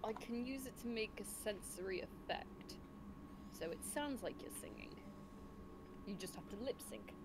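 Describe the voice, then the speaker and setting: A woman's voice: medium pitch, expressive, moderate pace. A woman playing a tabletop game, bantering playfully and laughing often. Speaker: player. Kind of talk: casual tabletop game chat. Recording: noisy home recording.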